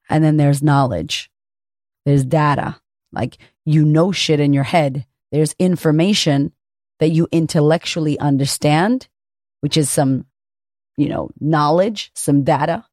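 A woman, a confidence coach hosting her own podcast, talking solo in a high-energy, chatty way and swearing casually. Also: darkish tone, no echo, studio quality.

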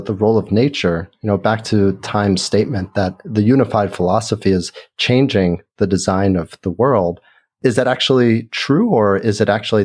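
A man interviewing a guest, asking measured, slightly halting questions. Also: lowish voice, darkish tone, slightly rough.

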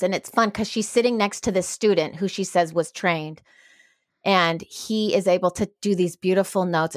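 A woman co-hosting a podcast, chatting about a book in a lively, casual way. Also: fairly low pitch, dry recording, studio quality. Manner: animated, chatty, reacts with disgust and laughter.

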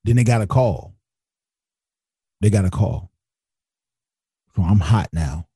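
A man tells a story in a husky, dark voice that leaps high whenever he acts out what others said. He keeps restarting sentences and slips into slang. The sound is close and dry, with no room around it. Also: expressive, slow pace, no room sound. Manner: acts out others' lines with big pitch jumps, frequent restarts and slang. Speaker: guest telling a personal story. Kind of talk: animated storytelling.

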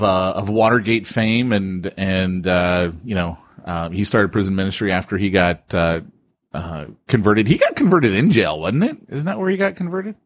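A man co-hosting a podcast, chatting casually with teasing, deadpan boasts and many fillers. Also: sits low, no echo, studio quality. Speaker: podcast co-host. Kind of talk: casual chat.

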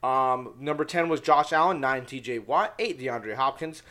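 A young man hosting a casual sports podcast, excitable and loud, swearing freely as he rambles. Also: mid-range voice, normal speed. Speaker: podcast host.

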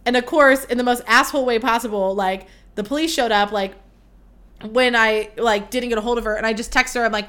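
A woman's voice: a little high, brisk, fairly bright tone. A young woman hosting a podcast, telling a story in a rambling, casual way, full of fillers and swearing. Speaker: podcast host.

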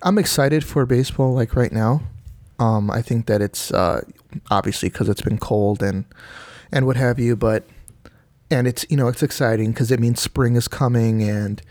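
A man's voice: medium pitch, moderate pace, darkish tone, dry recording. A man co-hosting a casual podcast, rambling with lots of "you know" and "like". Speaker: podcast co-host. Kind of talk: casual chat.

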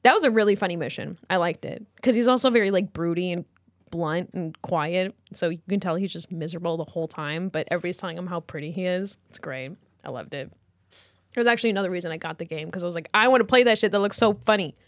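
A woman co-hosting a casual sibling podcast, telling stories with lively acted-out quotes, on a close mic. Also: fast talker, dry recording. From United States. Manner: animated storyteller, acts out quotes with big pitch jumps. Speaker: podcast co-host.

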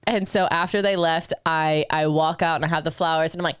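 A woman with a fairly low voice tells a story in loose, casual podcast chat. She laughs a lot, swears freely and acts out what she once said. The sound is close and dry. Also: fairly even intonation, a little fast, clean tone, dry recording. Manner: laughs often, swears freely, acts out her own past lines. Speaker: podcast co-host.

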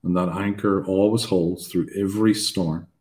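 Low, flat-voiced man chatting. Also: moderate pace. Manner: jokey and self-deprecating, then earnest. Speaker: podcast co-host. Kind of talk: casual faith conversation.

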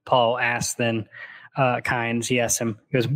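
A man co-hosting a book podcast, casually retelling and reading passages aloud, slipping into quick character quotes. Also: mid-range voice, monotone, a bit bright, no room sound.

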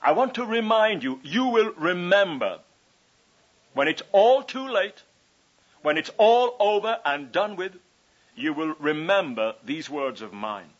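A man's voice: sits high, big pitch swings, measured pace. A man preaching a sermon, earnestly pleading with his listeners and repeating phrases for emphasis. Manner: earnest, pleading evangelistic appeal. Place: conference hall. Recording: dull lo-fi 1981 conference tape.

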